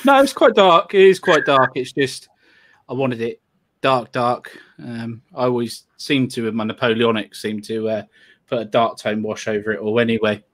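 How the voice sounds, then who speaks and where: A man's voice: mid-range voice, normal speed. A man co-hosting a casual live podcast, bantering good-humouredly with the others. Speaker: podcast co-host. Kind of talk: casual livestream chat.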